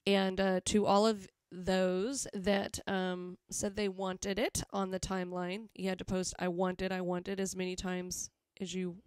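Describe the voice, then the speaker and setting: A woman's voice: medium pitch, flat delivery, unhurried, few pauses, a little mellow, clean tone, no room sound. Southern lady running a live show, chatty and teasing, lots of laughs, dry sound. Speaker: host of a live music show. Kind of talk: casual live-stream chat.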